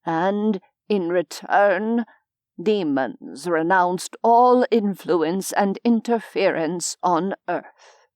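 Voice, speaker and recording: Woman narrator doing courteous formal gentleman, slow measured lecturing, slightly lowered voice, dry sound. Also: no room sound. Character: genteel, courteous older gentleman scholar. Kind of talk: audiobook character voice.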